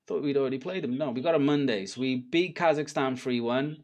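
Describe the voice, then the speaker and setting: Young Cardiff man, casual livestream host, rambly and sweary, mid pitch. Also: brisk, a little mellow. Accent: Cardiff Welsh. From Wales. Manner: chatty, rambling, swears freely.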